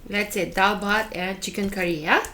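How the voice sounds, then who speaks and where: A woman's voice: mid-range voice, fairly even intonation, moderate pace, bright, forceful tone, slight background noise. A woman from Northeast India, a food vlogger chatting casually while she cooks and eats, who often ends lines with "okay?". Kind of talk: casual cooking and mukbang chat.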